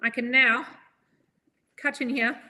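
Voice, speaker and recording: A woman's voice: on the high side, steady tone, slow pace, bright, forceful tone. A woman chef giving a chatty, upbeat live knife-skills demonstration, joking at her own expense as she goes. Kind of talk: live cooking demo.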